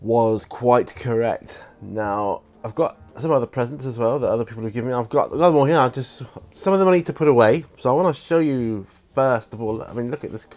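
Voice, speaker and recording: A man's voice: mid-range voice, fairly quick, hardly any pauses, darkish tone. A man, chatting enthusiastically and ramblingly with many fillers in a casual unboxing vlog. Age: 50s. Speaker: hobby vlogger.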